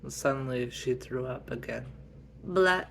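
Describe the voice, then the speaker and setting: Slow, gravelly-voiced man telling a story. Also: mid-range voice, slight background noise. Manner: slow, halting, restarts often. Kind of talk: first-person role-play storytelling.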